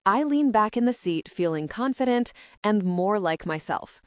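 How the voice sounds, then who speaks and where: A woman narrating a first-person audiobook in an expressive, upbeat storytelling manner. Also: mid-range voice, a little slow, few pauses, no room sound, clean studio sound.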